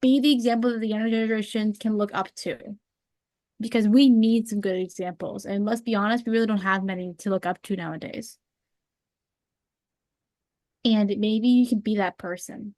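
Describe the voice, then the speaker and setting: A woman's voice: medium pitch, steady tone, darkish tone, no room sound. Earnest woman on a podcast, dry sound. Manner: earnest, emotional, halting with fillers. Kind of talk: casual podcast chat.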